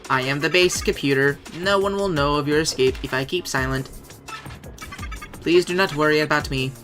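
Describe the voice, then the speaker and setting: A man voicing a gentle, polite computer AI that talks calmly and formally, reading game text aloud. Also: on the high side, moderate pace, soft background music, natural voice. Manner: calm, formal, soft-spoken.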